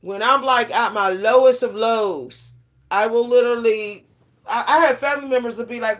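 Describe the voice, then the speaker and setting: A woman's voice: on the high side, normal speed. Frank, rambling middle-aged woman vlogger. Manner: frank, rambling, conversational, with many fillers. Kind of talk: casual self-care talk to viewers.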